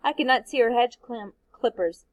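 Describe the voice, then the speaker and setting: A woman, a teacher, reading a novel aloud in a steady, expressive way. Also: fairly high pitch, moderate pace, no echo, low-quality recording.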